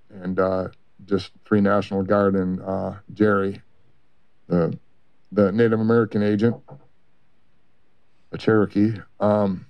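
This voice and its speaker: A man giving a long, rambling personal account in an interview, halting with many fillers and restarts. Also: fairly low pitch, gravelly. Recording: muffled lo-fi recording.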